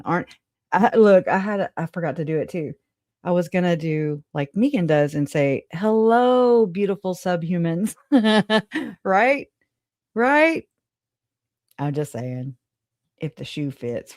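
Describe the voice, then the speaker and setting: A woman's voice: deep voice, darkish tone, no echo, studio quality. A woman hosting a casual live stream, chatting loosely with viewers, laughing often and swearing casually. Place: home.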